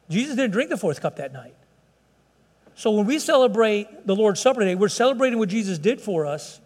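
A pastor with a high voice delivers an earnest, pleading sermon, stumbling and restarting his phrases as he goes. His voice rings out in a church sanctuary, carried by a long reverb.

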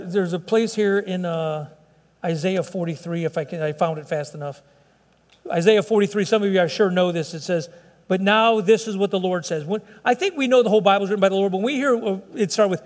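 A pastor with a high voice delivers an earnest, pleading sermon, stumbling and restarting his phrases as he goes. His voice rings out in a church sanctuary, carried by a long reverb. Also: a little mellow.

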